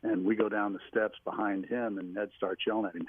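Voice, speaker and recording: A man phones in from a small home office and tells long anecdotes, circling back and restarting as he goes. His voice sits low with a husky edge. The line is tinny and dry, like a phone call. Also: level tone, a little fast, no echo. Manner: rambling storyteller with restarts. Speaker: guest telling stories, former team staffer. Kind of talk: phone-in radio interview, anecdotes.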